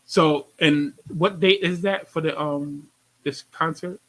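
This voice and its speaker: Bright-voiced New York man hosting. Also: a little high, takes it slowly, low-quality recording. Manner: animated, slangy, repeats his phrases. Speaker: radio show host. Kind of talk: casual interview chat.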